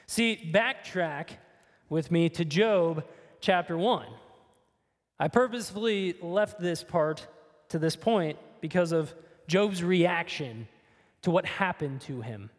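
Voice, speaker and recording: A man delivers a sermon with earnest, emphatic conviction, pressing his point through rhetorical questions. His voice sits high for a man. A long reverb trails each phrase, as in a large hall. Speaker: preacher.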